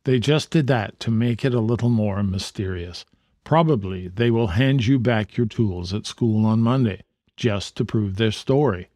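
Calm, amused detective father, read by a man, dry and close. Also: lowish voice, unhurried, no room sound, natural voice. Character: genial middle-aged detective father.

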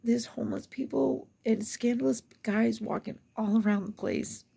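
A woman's voice: fairly high pitch, moderate pace, creaky, mellow, husky. A woman venting to the camera, upset and close to tears, swearing as she swings between whispers and angry outbursts. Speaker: vlogger venting. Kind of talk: emotional rant to camera.

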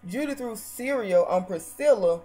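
A woman with a mid-range voice rants to her camera in a brash, mocking, foul-mouthed way. She turns theatrical, jumping from loud outbursts to low, muttered asides. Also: expressive, moderate pace, soft background music. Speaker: vlogger. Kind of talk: casual reality-TV rant.

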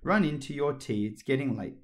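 A man reading aloud, voicing a gentle, caring older sister coaxing a child. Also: mid-range voice, lively intonation, fairly quick, lightly acted. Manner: soft, coaxing.

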